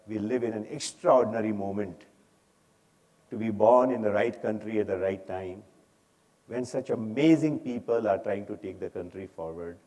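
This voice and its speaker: A man's voice: on the low side, dark tone. An older man with an Indian English accent addresses a conference audience. He talks in an emphatic, preaching manner. His force rises and drops as he drives points home. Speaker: speaker. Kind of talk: inspirational talk on stage. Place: conference hall.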